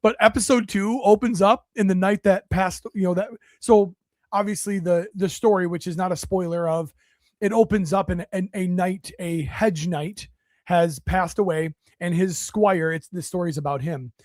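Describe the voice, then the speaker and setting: A man with a high voice chats on a podcast, telling stories with enthusiasm. He stumbles and restarts, swearing now and then. The sound is dry, with no room echo. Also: steady tone, darkish tone. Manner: enthusiastic storyteller, profane, halting restarts. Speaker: podcast co-host. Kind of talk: casual chat.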